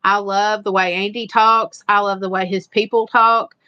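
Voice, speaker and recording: A woman's voice: mid-range voice, level tone, moderate pace, sharp tone, smooth, dull audio. A woman with a strong Eastern Kentucky Appalachian accent, chatting casually and at length to viewers as a livestream host. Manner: rambling, repetitive, chatty. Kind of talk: casual live chat.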